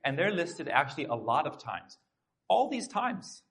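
Husky-voiced pastor preaching conversationally. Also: male voice, fairly high pitch, sing-song, normal speed, fairly bright tone. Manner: conversational, earnest preaching with asides to the congregation. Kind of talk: sermon. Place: church sanctuary.

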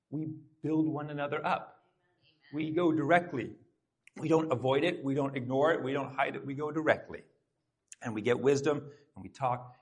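A man's voice: medium pitch, fairly bright tone, husky. A pastor preaching a sermon to his congregation in a church, talking in an earnest, conversational way with asides to the crowd. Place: church sanctuary.

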